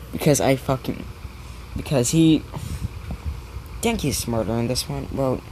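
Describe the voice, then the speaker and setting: A man's voice: mid-range voice, mellow, slight background noise, rough recording. A man casually retelling a story, rambling with many restarts and casual swearing.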